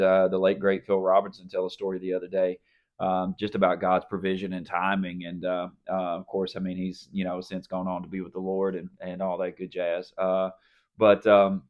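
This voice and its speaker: A man's voice: low voice, muffled recording. A man on a church podcast, telling a story in a casual, rambling way with many fillers and restarts. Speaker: podcast co-host. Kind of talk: casual faith podcast chat.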